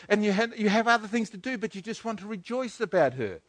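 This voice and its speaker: An older man preaching a sermon, swinging from hushed to loud. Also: sits high, expressive, quick pace, hardly any pauses, no room sound. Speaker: pastor.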